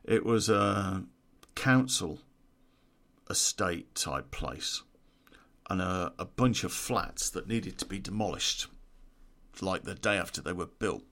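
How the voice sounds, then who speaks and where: A man's voice: deep voice, lively intonation, slow, vocal fry, a bit bright. A man, telling a true-crime story in a casual, profane way and laughing at his own story.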